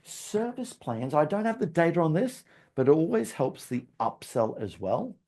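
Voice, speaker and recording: A man on a solo podcast, walking listeners through his notes like a sales coach. His voice sits a touch high and swings up and down a lot as he talks. He keeps checking in with a quick "okay?" between points. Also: big pitch swings, a little mellow. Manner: chatty, repeats "okay?" often, coaching tone; laughs at his own stumbles. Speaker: podcast host.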